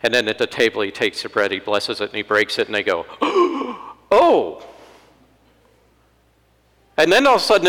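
A man's voice: sits high, bright, forceful tone, in a large hall, poor audio. A man preaching a conversational sermon in a church, with wry asides and acted-out quotes.

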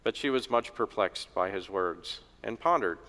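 A man's voice: fairly low pitch, expressive, normal speed, a bit bright. A middle-aged man preaching a sermon in a joking, conversational way, in a church. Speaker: pastor. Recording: echoey church reverb.

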